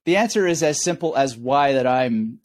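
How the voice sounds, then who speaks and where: A man's voice: mid-range voice, animated, normal speed, no echo. A man with a mid-range voice, recorded close and dry, talks as a guest expert. He explains memory techniques through stories, wry and often laughing at himself. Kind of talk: explanatory interview talk.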